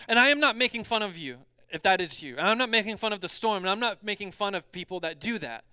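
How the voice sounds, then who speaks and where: A male pastor preaching a sermon, moving from quiet reflection to loud, urgent passages and acting out quoted voices in a conversational way. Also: sits high, animated, fast, hardly any pauses, clear, resonant tone, no room sound.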